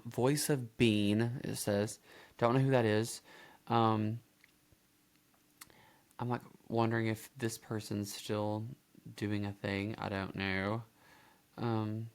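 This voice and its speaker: Gravelly man rambling through a reaction video. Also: lowish voice. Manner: rambling, with lots of fillers and self-corrections. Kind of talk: casual reaction commentary.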